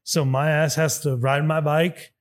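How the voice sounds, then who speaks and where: Animated, profane man telling a story. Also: on the high side, a little slow. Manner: profane, animated, acts out dialogue. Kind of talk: casual storytelling.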